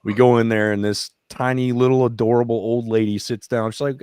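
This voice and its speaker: A man's voice: medium pitch, flat delivery, brisk, darkish tone, smooth, no echo, studio quality. A man, a veteran who founded a nonprofit, talking as a podcast guest in a casual, candid way, profane and emotional as he retells his stories. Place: podcast studio.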